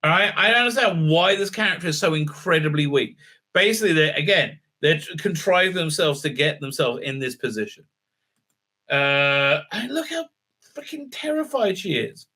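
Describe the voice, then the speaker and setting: Scornful bright-voiced man reviewing. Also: on the high side, sing-song, normal speed. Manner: scornful, mocking, lots of fillers and restarts. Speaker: TV show reviewer. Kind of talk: casual video review commentary.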